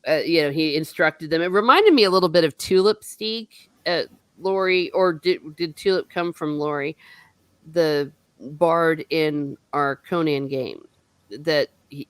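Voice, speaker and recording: A woman's voice: deep voice, clean tone, no room sound. A woman hosting a casual book discussion, animatedly retelling the plot and acting out the characters' lines. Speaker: book club host.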